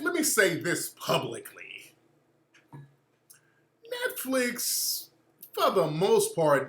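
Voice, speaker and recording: A man's voice: high voice, sharp tone, echoey room. A man hosting a casual talk radio show, ranting loosely and mockingly with frequent profanity.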